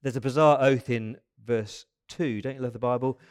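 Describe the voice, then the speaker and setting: A man in his fifties preaching a sermon as pastor, in a lively, conversational way with asides and quick restarts. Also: medium pitch, smooth. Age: 50s.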